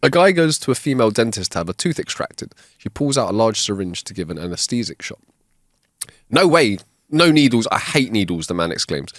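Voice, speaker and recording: A man's voice: on the low side, expressive, fast talker, hardly any pauses, dry recording. A man reading out jokes on a podcast with a buoyant, wide-ranging delivery, recorded dry and close. He gives each character in a joke its own voice. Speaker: podcast co-host. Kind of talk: casual joke-telling chat. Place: home studio. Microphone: wireless clip-on mic.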